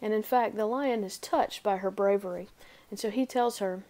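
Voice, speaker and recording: Woman storyteller, expressive read-aloud of a fairy tale. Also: mid-range voice, normal speed. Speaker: storybook reader.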